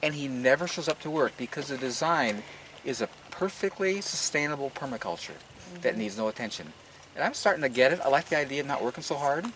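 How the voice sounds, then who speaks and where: On a poor-quality outdoor recording with constant background noise, an older man leads a casual walk through his garden and orchard. His mid-range voice moves quickly, and his folksy, eager talk trips over itself and repeats words.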